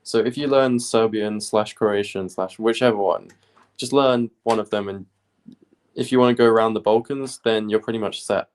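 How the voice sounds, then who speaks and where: A young man from the UK chatting casually on a study live stream, rambling with many pauses and fillers. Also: fairly low pitch, clear, resonant tone. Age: young adult. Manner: relaxed, rambling, many ums.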